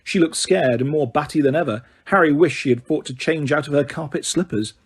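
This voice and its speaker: A man's voice: a little high, fairly quick, slightly rough. A man reading an audiobook aloud as narrator, telling the story steadily.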